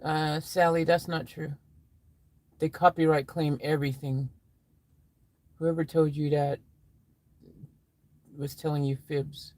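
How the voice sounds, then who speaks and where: A woman chatting on a live stream, unhurried and drawn out. She reads viewers' messages aloud with a playful, teasing manner. The sound is dry and close, with no room around it. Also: sits low, little pitch movement, mellow, no room sound, poor audio. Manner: playful, drawls, puts on silly voices and sound effects. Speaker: livestreamer. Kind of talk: casual live-stream chat reading viewer comments.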